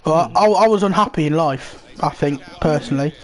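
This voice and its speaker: A man's voice: on the high side, brisk. A young man chatting casually and rambling while he plays a football game, swearing freely. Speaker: host.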